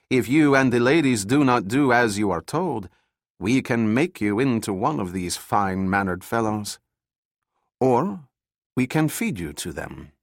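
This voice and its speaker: A man's voice: medium pitch, no echo, clean studio sound. A man voicing a cruel, mocking male colonel with a European accent who commands a laboratory. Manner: sneering, lordly threats.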